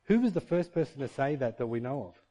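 A man preaching a sermon in a conversational, animated style, full of rhetorical questions and shifts of pace. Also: medium pitch, quick pace. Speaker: pastor.

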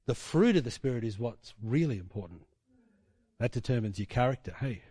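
A man's voice: medium pitch, animated, fairly quick, warm tone, husky, no echo. A man preaching a sermon in a casual storytelling way, with fillers and tag questions.

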